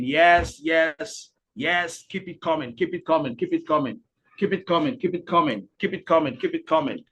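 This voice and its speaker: A man hosting a live webinar, energetic and repetitive, urging the audience to type into the comments. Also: fairly high pitch. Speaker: webinar host and speaker.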